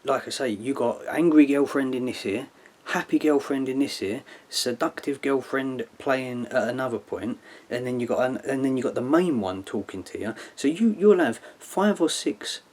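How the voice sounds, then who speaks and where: A man's voice: mid-range voice, normal speed, darkish tone. A man giving a casual, rambling explanatory monologue, tagging his sentences with "yeah" and "like" in an earnest, lecturing way. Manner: rambling, with frequent "yeah" and "like" tags. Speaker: video commentator.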